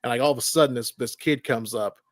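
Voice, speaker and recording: A man's voice: fast talker, dry recording, studio quality. Rambling, swearing man in casual chat. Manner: rambling, swears freely, acts out movie lines in a loud high voice. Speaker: podcast co-host reviewing a film.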